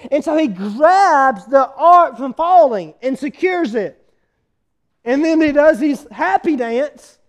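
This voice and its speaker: A man preaching a sermon, retelling a scripture story with animated energy and quizzing his listeners. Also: very high voice.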